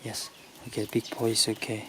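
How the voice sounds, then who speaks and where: A woman's voice: very deep voice, monotone, a little fast. A woman filming her dogs, cooing and coaxing her puppies in sing-song baby talk. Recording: noisy background hiss.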